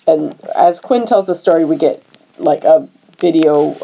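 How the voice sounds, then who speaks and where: A woman's voice: deep voice, a little slow, gravelly, rough recording. A woman hosting a podcast, retelling a film plot in casual chat and acting out the characters' lines. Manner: animated storytelling, acting out dialogue. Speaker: podcast host recapping a film.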